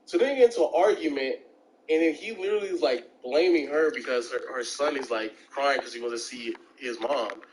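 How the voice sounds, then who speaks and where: A man's voice: brisk, a little hiss or hum, low-quality recording. A man telling stories in casual chat and acting out the people in them with jumps in his voice. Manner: animated, acts out quoted voices with big pitch jumps.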